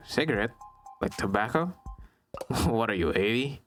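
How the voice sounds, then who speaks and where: A chatty streamer reading a visual novel aloud, joking between lines in a plain mid-pitched voice. Game music plays quietly under him. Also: male voice, expressive, moderate pace, long pauses. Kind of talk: casual reading and commentary.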